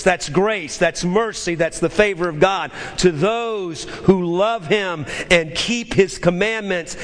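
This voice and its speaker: A man preaching a sermon, his voice swelling high and then dropping low. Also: expressive, unhurried, long reverb tail. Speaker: pastor.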